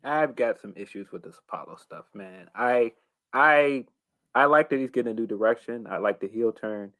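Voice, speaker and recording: A man cohosting a casual wrestling podcast, talking in a measured, hesitant way. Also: mid-range voice, bright, forceful tone, no echo. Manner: measured, hesitant, with many restarts and fillers.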